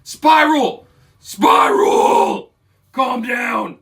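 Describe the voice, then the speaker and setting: A man voicing a wounded male snow leopard beastfolk warrior who shouts commands to protect his friends. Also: very high-pitched, very slow, vocal fry, pitched above the performer's own voice, heavily acted. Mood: urgent.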